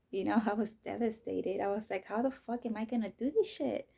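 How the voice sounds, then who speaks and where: A woman's voice: medium pitch, brisk, creaky, few pauses, a little mellow. A woman in her thirties telling her own story in a candid, casual way, swearing freely and filling her talk with "you know" and "like.". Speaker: vlogger.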